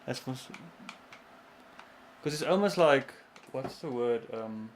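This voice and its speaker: Animated man chatting on a stream. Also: mid-range voice, takes it slowly, a little hiss or hum. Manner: animated, searching for words. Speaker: co-host of a gaming stream. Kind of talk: casual chat.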